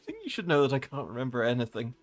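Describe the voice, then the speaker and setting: A man's voice: mid-range voice, big pitch swings, very fast, faint music behind. Playful man streaming a game. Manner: playful, laughing often. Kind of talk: reading a game aloud on stream.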